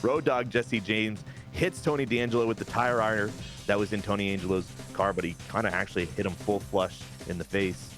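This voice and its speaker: A man giving a casual recap of his wrestling game league, excitable and swearing now and then. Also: fairly low pitch, fairly quick, over music. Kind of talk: casual gameplay recap commentary.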